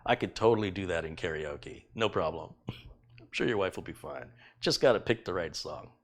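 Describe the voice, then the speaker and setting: A man's voice: deep voice, animated, normal speed. A middle-aged man hosting a live stream from his kitchen, chatting casually, teasing and rambling with fillers as he thanks viewers. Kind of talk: casual live-stream chat reading donations. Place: home kitchen.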